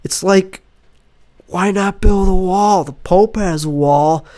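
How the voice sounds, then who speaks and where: A man's voice: high voice, takes it slowly, darkish tone, voice pushed up. A man voicing a nervous young male stand-up comic who is bombing on stage, pushing a forced upbeat delivery. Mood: pleading.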